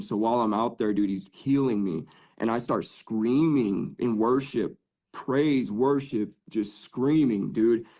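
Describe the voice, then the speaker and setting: A man's voice: fairly low pitch, unhurried, warm tone. Earnest man giving a casual faith testimony. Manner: earnest, casual with frequent "dude" and "like". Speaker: podcast guest.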